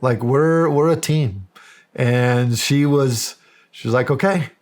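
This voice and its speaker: Animated storytelling man, middle-aged. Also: mid-range voice, takes it slowly. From United States. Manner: animated storyteller, acts out quoted dialogue. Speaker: guest, county sheriff. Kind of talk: storytelling in a podcast interview.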